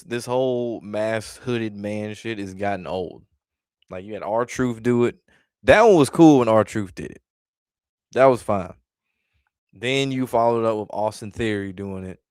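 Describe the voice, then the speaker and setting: A man's voice: fairly low pitch, clean tone, no room sound, clean studio sound. A man ranting bluntly in a casual vlog, exasperated and swearing freely as he reacts to his chat. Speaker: wrestling commentary vlogger.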